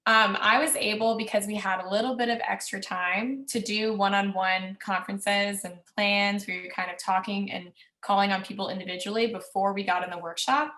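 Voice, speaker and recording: A woman's voice: mid-range voice, steady tone, pushed and bright. Teacher woman in an echoey room. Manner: casual, fast in bursts, many ums. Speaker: classroom teacher. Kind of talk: reflective presentation.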